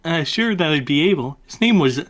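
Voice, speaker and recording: A man's voice: a little high, animated, brisk, fairly bright tone. A man reading a comic ballad as a hapless man, tacking on "eh" in a sing-song way. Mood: storytelling.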